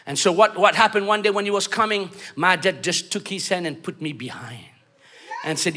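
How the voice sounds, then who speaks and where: A man preaching a sermon, emphatic and call-and-response, often rising to shouts. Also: sits high, normal speed.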